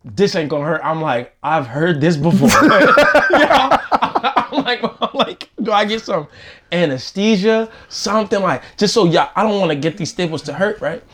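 A man telling a story in casual chat, animated, laughing often and saying "yo" a lot. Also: sits high, moderate pace.

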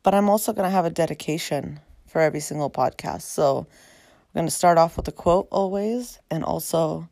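A woman hosting her own podcast, reflective and heartfelt, her voice raspy after a long day. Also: deep voice, normal speed, mellow, no room sound. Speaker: podcast host. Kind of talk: personal podcast monologue.

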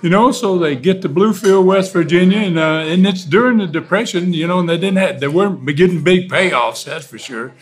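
An older man, a former wrestler, telling stories as an interview guest in a lively, animated way, often laughing. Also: high voice, brisk, hardly any pauses. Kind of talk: casual storytelling interview.

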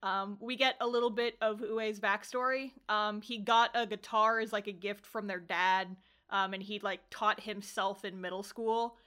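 Bright, lively woman recapping an anime. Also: medium pitch, normal speed, clear, resonant tone. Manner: laughs often, swears, acts out character lines. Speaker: podcast co-host. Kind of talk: casual chat recapping an anime.

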